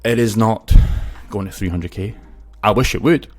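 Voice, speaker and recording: Speaking at a normal pace in a low-leaning voice, a crypto YouTuber chats casually on camera. He's brash, swears, and tells his stories and opinions with liveliness.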